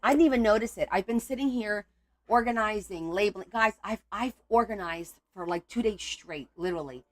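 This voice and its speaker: A woman's voice: medium pitch, a little fast, dry recording. A woman hosting a casual crafting video at her home craft table, chatting loosely and breaking into exasperated outbursts. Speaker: crafting channel host.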